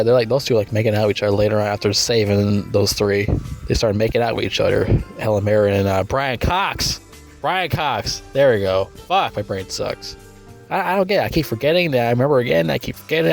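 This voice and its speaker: A man casually reviewing a movie, rambling and swearing a lot, with sudden loud, incredulous rants. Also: creaky. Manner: rambling and crude, with frequent swearing and fillers; breaks into loud, high-pitched incredulous rants.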